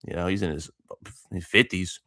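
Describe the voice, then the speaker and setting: A man in his early thirties talks through a loose, motivational monologue, rambling and laughing between thoughts with easygoing slang. His voice sits low and deep, and the recording is dry and close with little room sound. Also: fairly even intonation, moderate pace, sharp tone, no echo. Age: 30s. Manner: rambling, laid-back, laughs often, dude slang. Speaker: vlogger and coach.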